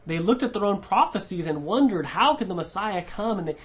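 A man's voice: sits high, animated. Man preaching a conversational sermon. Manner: conversational, often adds a questioning "right?" and restarts words; slows down to stress key phrases. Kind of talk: expository sermon.

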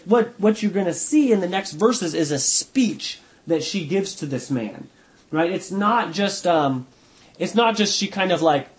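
High-voiced man teaching a casual Bible study. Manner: conversational, thinking aloud, hedging with "kind of".

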